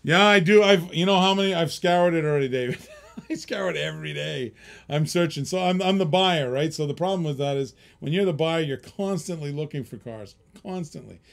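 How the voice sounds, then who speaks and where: A man's voice: on the high side, a little fast, vocal fry. Chatty man hosting a live auction. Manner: rambling, chuckles often, reads out bids.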